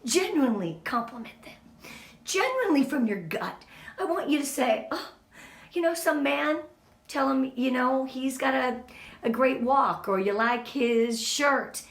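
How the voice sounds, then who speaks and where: Woman, middle-aged, team leader, heartfelt motivational pep talk, slightly high voice, echoey room. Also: animated, a little slow. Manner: earnest and emotional, speaks to the group directly.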